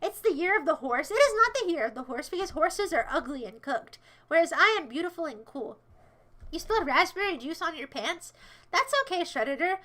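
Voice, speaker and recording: A woman's voice: extremely high pitch, expressive, brisk, sharp tone. A woman livestreaming in casual chat, answering viewers in a playful, sassy, rambling way.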